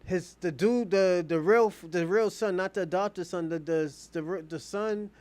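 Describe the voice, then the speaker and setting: Streaming from indoors at home, a man casually retells a drama in slangy, profane, loose talk stuffed with fillers. His voice sits high and a little mellow, at a measured pace, and the recording is dry.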